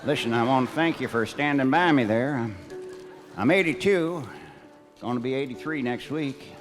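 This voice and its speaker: An actor playing a gentle, laid-back country singer in his eighties in a live radio comedy sketch, with a slow drawl. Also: mid-range voice, music in the background, close to an everyday voice. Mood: easygoing. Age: 80s.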